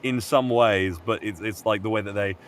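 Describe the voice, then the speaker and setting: A man chatting casually on a group call, retelling a story in a rambling, animated way, full of fillers and restarts and casual swearing. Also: lowish voice, normal speed, a little hiss or hum. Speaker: stream co-host. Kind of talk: casual chat retelling an anime plot.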